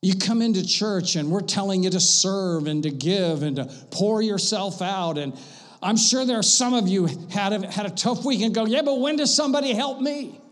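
A man preaching a sermon to his church, swinging from loud passionate bursts to hushed, intimate lines. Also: sits high, normal speed, in a large hall. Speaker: pastor. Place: church sanctuary.

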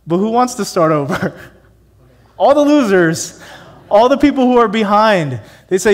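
A man's voice: high voice, moderate pace, long pauses, big-room sound. A man preaching a sermon in a church, emphatic and conversational, with many rhetorical questions. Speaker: pastor.

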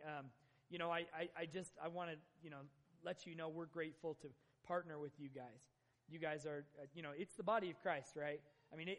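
A young man preaching as guest pastor in a church, his voice a little high for a man. He is earnest and halting, stumbling over restarts as he talks. A long reverb tail hangs after each phrase. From Northern Utah, USA. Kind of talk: sermon. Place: church sanctuary.

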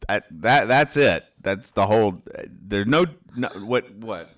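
A man hosts a casual comics read-aloud show. His voice sits on the low side but comes across bright and forceful. He talks haltingly, with plenty of "uh" and restarts, and dryly explains the jokes. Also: lively intonation. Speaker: podcast host reading comics aloud.

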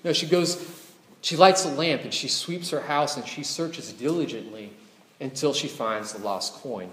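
A man preaching in an easy, conversational way, with his voice at a middling pitch. He keeps checking in with the congregation through rhetorical questions. His words ring through a roomy hall with a long, lingering reverb. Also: a little slow, a bit bright. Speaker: pastor. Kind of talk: sermon.

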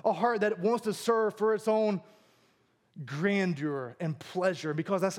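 A man preaching a sermon as a pastor, telling stories in an animated, humorous way. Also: sits high, normal speed.

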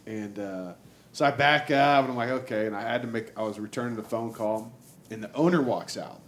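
A man from Texas spins a casual story full of "like" and swearing. He jumps to a higher, louder voice whenever he acts out a quote, and a faint rumble of noise sits under the talk. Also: brisk. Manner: animated, acts out quotes in a raised voice, lots of "like" and swearing. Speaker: storyteller guest.

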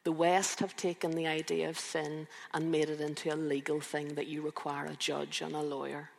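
Woman, 50s, sermon, gravelly, emphatic rhetorical questions, long church reverb. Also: low voice, little pitch movement, normal speed, a little hiss or hum. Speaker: preacher and youth counsellor.

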